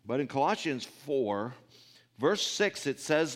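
Folksy male preacher, loud on key points. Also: medium pitch, very animated, slow. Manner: frequent throat clearing. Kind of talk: sermon.

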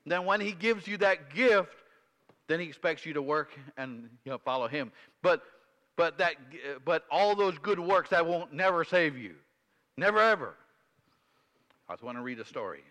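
A man's voice: a little high, expressive, moderate pace, fairly bright tone. A man preaching a sermon in an emphatic style and often checking in with "right?". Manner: emphatic, with tag questions. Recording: long hall reverb.

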